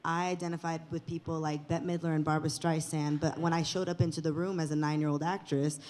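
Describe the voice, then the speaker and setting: A woman's voice: deep voice, level tone, a little fast, darkish tone. A woman from East Los Angeles, an actress on a panel, talking candidly and emotionally with some swearing. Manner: emotional, profane, effusive.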